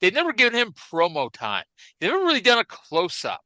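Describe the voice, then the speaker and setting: A man riffing on a casual podcast, rambling and restarting his sentences as he goes. His voice is bright and punchy, and it jumps up and down in pitch. The sound is close and dry, with no room around it. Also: fairly quick, dry recording, low-quality recording. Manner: animated, rambling, frequent restarts and fillers. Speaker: podcast co-host. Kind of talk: casual chat about classic wrestling.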